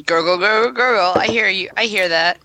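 A woman's voice: mid-range voice, brisk, pushed and bright. A woman co-hosting a podcast in casual banter, wry and a little tipsy. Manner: wry, tipsy, laid-back jokes. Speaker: podcast co-host.

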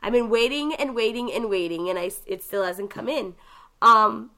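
Animated woman recapping a game demo. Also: on the high side, normal speed. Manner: animated storyteller, mimics voices, swears casually. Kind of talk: casual gaming chat.

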